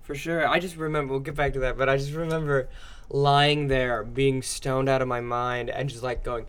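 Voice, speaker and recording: A young man chats in a relaxed, jokey way, often poking fun at himself. His voice sits at an ordinary middle pitch for a man. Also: moderate pace, smooth. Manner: relaxed, jokey, self-deprecating. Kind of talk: casual chat.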